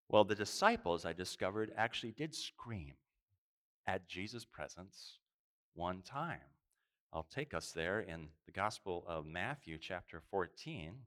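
A man's voice: fairly low pitch, a bit bright. A man preaching a sermon, reading scripture aloud and stretching out key words for emphasis.

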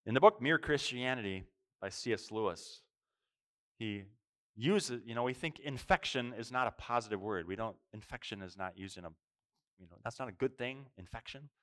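A man's voice: mid-range voice, expressive, normal speed, fairly bright tone. A man preaching a sermon, reflective, asking rhetorical questions and stressing single words. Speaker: pastor.

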